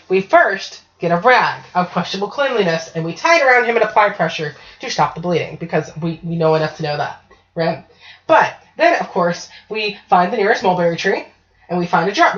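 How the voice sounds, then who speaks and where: A woman's voice: on the low side, expressive, fairly quick, fairly bright tone. Chatty woman telling a story, lo-fi sound. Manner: swearing, chatty, often asking 'right?'. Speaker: podcast host. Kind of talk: casual storytelling. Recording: dull lo-fi online call audio.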